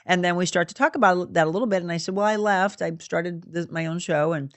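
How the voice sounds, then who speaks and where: A woman hosting a faith-based talk show, telling a story with animated, acted-out dialogue. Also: lowish voice, fast, dry recording. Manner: animated, acts out quoted dialogue. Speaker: show host.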